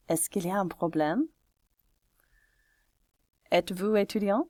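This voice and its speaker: A woman's voice: lowish voice, animated, a little slow, pauses often, a little mellow, dry recording. A woman French teacher walking through a homework exercise step by step, talking it through aloud in a patient, chatty way. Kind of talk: screen-recorded homework walkthrough.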